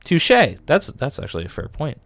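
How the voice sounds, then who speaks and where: A man hosting a casual Bible talk on a livestream, animated and full of fillers. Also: fairly high pitch, normal speed. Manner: animated, filler-heavy, lots of likes. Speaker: livestream host.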